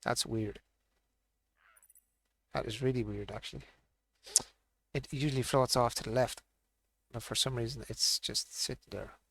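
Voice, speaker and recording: A man's voice: mid-range voice, fairly even intonation, a little slow, gravelly, pauses often, fairly bright tone. A man streaming a fishing game, thinking aloud and muttering to himself as he plays. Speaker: gaming streamer. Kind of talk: casual live-stream commentary.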